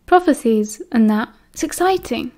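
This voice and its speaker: A woman's voice: a little high, expressive, normal speed, mellow, natural voice. A woman with a British accent voicing a small, shy teenage wizard boy who mumbles in an audiobook. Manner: mumbling, timid.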